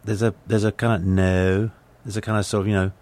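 English actor, lowish register, rambling anecdotal chat with stammered restarts. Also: male voice, little pitch movement, brisk, a little mellow. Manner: chatty storyteller with frequent restarts and stammered repeats. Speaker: actor, guest. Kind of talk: casual conversation, anecdotes.

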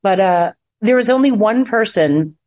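An actress being interviewed by phone keeps the conversation chatty, spinning stories and performing the lines she quotes. She speaks at normal speed with an animated, medium-pitched, somewhat dark voice.

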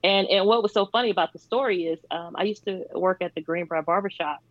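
A woman's voice: lowish voice, fast talker, no room sound, lo-fi sound. A woman guest telling her story in a casual interview, laughing often and using many fillers. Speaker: charity founder, guest.

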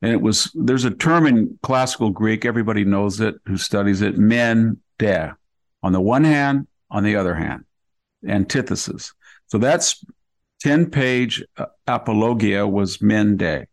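A man's voice: fairly low pitch, lively intonation, measured pace. An older man hosting a podcast, talking through long hypotheticals in conversational commentary. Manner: long hypotheticals, acts out quoted people. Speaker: podcast host.

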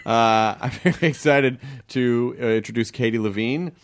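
A man's voice: medium pitch, moderate pace. A man hosting a podcast, joking through casual banter with a mock-grumpy edge. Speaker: podcast host. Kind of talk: casual chat.

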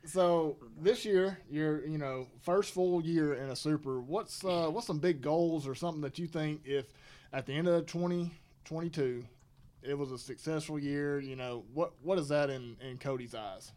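A man co-hosting a racing podcast, asking questions in a relaxed, halting way. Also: a little high. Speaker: podcast co-host. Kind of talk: casual interview chat.

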